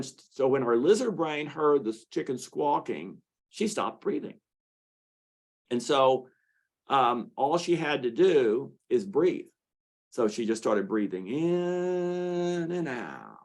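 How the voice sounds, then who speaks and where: Dude explaining a therapy model to a crowd, easygoing, um-heavy, normal pitch. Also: male voice, a little mellow. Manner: conversational with frequent fillers and restarts; tells patient stories with acted quotes. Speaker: clinician presenting a treatment model. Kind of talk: lecture to an audience.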